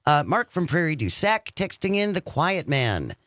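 A man's voice: a little high, big pitch swings, fairly bright tone, no echo. A man hosting a radio talk show, chatting casually and upbeat in the studio. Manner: upbeat, chatty, reads phone number slowly. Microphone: studio microphone.

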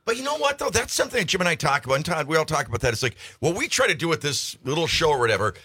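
Excitable male radio host, bright and husky, very animated. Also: on the high side, racing. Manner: enthusiastic, excitable. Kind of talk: casual radio chat. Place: radio studio.

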